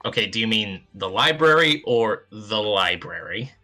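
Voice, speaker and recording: A man's voice: on the low side, expressive, normal speed, sharp tone. A man voicing a practical, easygoing adventurer in a tabletop game. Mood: calm.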